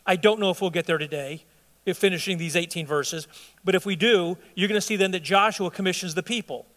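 A man's voice: high voice, a little fast, fairly bright tone. A man, a visiting pastor, preaching an informal sermon to a congregation, joking with them and correcting himself as he goes. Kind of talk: conversational sermon. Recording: long hall reverb.

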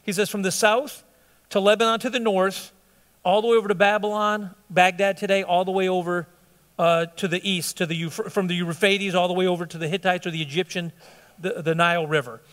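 A man's voice: high-pitched, flat delivery, fairly quick, a bit bright. A man, a visiting pastor, preaching an informal sermon to a congregation, joking with them and correcting himself as he goes. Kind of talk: conversational sermon. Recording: long hall reverb.

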